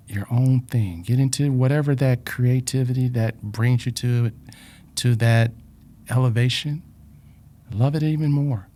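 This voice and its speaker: A man's voice: medium pitch, mellow. A man in a reflective personal talk, speaking earnestly about life lessons and often repeating words, emotional with a drying throat.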